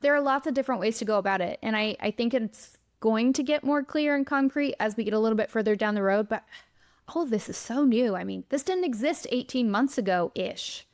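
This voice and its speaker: A woman's voice: fairly high pitch, expressive, a little fast, darkish tone. A woman guest in an interview, a writer and strategist explaining her views and thinking aloud. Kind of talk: interview answers.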